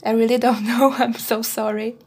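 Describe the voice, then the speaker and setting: A woman's voice: on the high side, level tone, moderate pace, a little mellow, husky. A woman chattily narrating the plot of a film as she watches it. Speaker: co-host film reviewer. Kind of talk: casual commentary while watching a film.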